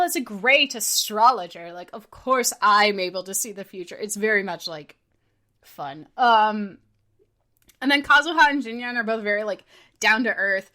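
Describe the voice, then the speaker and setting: A woman's voice: fairly high pitch, fairly bright tone. A woman co-hosting a podcast, chatting casually and enthusiastically with lots of "like" and "um" and frequent giggles. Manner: rambling, fills speech with "like" and "um". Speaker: podcast co-host.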